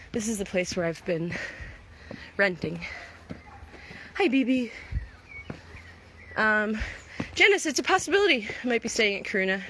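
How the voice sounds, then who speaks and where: A woman's voice: medium pitch, a bit bright, a little hiss or hum. A woman vlogger chatting casually with her viewers, greeting them by name and reflecting aloud. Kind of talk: casual live-stream chat.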